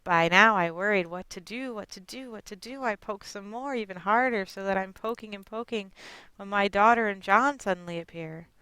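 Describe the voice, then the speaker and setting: A woman's voice: medium pitch, normal speed, bright, forceful tone, clear, resonant tone, dry recording, lightly acted, rough recording. A woman performing a monologue as a stubborn immigrant grandmother in her late sixties. She speaks in blunt, broken English. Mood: fretful, blunt. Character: stubborn 68-year-old Chinese immigrant grandmother. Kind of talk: dramatic monologue.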